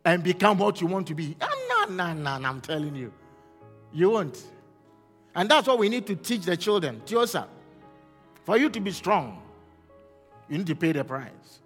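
A man preaching a fervent sermon as pastor, rising to shouts and asking the congregation questions. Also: high voice, big-room sound.

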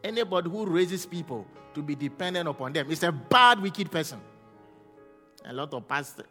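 A man preaching a fervent sermon as pastor, rising to shouts and asking the congregation questions. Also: a little high, expressive, normal speed, in a large hall, music in the background.

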